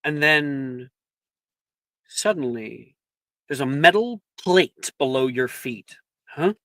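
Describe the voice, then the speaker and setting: A game master narrates a tabletop game in a loose, chatty way, stopping often for fillers. The voice is bright and forward, recorded close on a dry mic. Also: mid-range voice, slow pace, no room sound.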